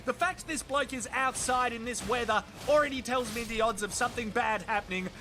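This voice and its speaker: A man's voice: extremely high pitch, fairly quick, background noise. An Australian man doing sarcastic, sweary comedic voice-over commentary on viral clips. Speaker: video reviewer.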